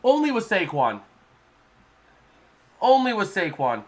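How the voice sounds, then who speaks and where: A man's voice: high-pitched, huge pitch swings, slow pace. A man doing casual live play-by-play on a stream, rambling and repeating himself as he gives his opinions.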